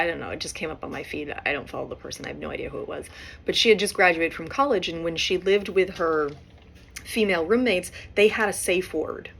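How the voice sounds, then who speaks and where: A woman hosting a podcast, talking through relationship advice in a relaxed, conversational way and often checking in with "right?". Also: lowish voice, creaky. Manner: conversational, frequent "right?" tag questions. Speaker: podcast host and therapist. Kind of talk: casual advice monologue.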